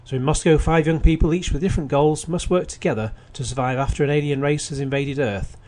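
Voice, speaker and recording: It's a casual radio film review: the male host reads plot summaries, adds wry remarks and keeps restarting his sentences. His pitch is fairly high and steady, the pace quick, the tone darkish.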